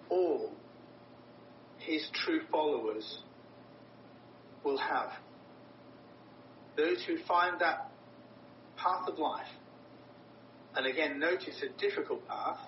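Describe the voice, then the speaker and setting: Delivering an earnest sermon, a man leans on emphasis and frequently repeats words to drive points home. The audio is distant and roomy, with a dull quality and low rumble underneath.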